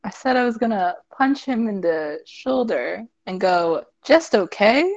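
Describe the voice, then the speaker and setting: Slow-talking woman playing an rpg. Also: mid-range voice, lively intonation, highs cut off. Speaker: player. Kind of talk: tabletop play.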